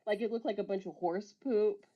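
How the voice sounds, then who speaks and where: A woman's voice: mid-range voice, fairly even intonation, brisk. A woman telling a long story in casual chat, swearing and laughing as she rambles. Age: adult with a son. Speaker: storyteller on a live talk stream. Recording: dull lo-fi audio.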